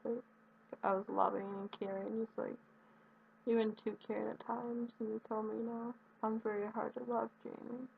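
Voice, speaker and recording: Young woman with heavy vocal fry. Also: medium pitch. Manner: earnest and rambling, with halting restarts. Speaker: vlogger addressing her absent partner. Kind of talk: heartfelt personal video message. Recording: tinny phone-quality audio with faint hiss.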